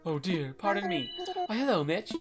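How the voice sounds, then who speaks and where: A man's voice: high voice, lively intonation, normal speed. A man voicing a fussy, pompous male owl museum curator with a put-on British accent and formal, hooting politeness. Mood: polite, pompous. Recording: game music loud under voice. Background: loud game music.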